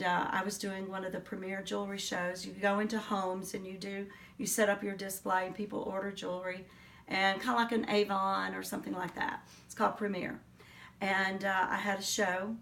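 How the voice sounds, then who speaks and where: A middle-aged woman giving an oral history interview, telling her story in an earnest, reflective way with pauses and fillers. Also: medium pitch, creaky, fairly bright tone, distant mic, slight background noise. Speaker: interviewee, teacher.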